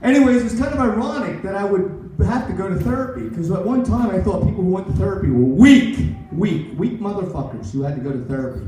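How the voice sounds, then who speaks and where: A man's voice: sits high, animated, fast, hardly any pauses, mellow, a little hiss or hum. A man in his sixties doing a rambling, self-mocking stand-up set at a comedy club. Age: 60s. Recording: echoey club recorded from far off.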